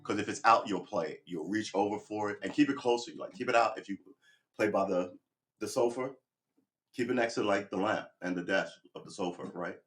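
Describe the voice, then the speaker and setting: A middle-aged man with a slightly low voice chats loosely on a livestream from his sofa at home. He rambles, pokes fun at himself and swears his way through pep talk between bits of guitar practice, close to a desk microphone. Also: a little fast, a bit bright. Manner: rambling, self-deprecating, profane pep talk. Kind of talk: casual livestream chat.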